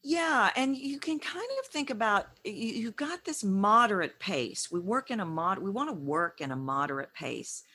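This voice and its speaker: A woman's voice: mid-range voice, lively intonation, normal speed, few pauses, sharp tone, slightly rough, no room sound. A woman speaking as a guest coach in an interview, earnest and encouraging, sometimes repeating words as she gathers her thoughts. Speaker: voice and communication coach. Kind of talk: conversational interview.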